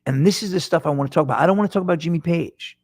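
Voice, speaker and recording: A man's voice: on the high side, very fast, a little mellow, no room sound, clean studio sound. A middle-aged man hosting his own podcast, talking to listeners in a rambling, self-deprecating way with lots of restarts. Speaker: podcast host. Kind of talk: casual solo monologue. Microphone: microphone in front of him.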